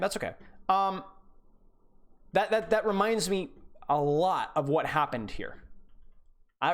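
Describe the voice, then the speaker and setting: A streamer coaching through a gameplay review, voice swinging up and down in pitch with lively energy. The critique is blunt and sarcastic, full of quick repeated words as thoughts tumble out. The voice sits in a middle pitch. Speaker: game coach.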